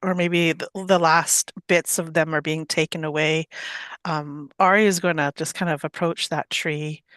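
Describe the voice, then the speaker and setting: Mid-pitched player, dry close sound; hesitant and chatty. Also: steady tone, moderate pace, a bit bright, dry recording. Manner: hesitant, many fillers. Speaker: tabletop game player. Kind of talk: casual play description.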